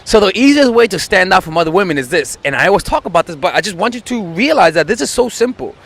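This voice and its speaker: A man's voice: high-pitched, big pitch swings, fast, fairly bright tone. A man speaking as a dating coach in an advice video, earnest and insistent, often repeating words as he gets going.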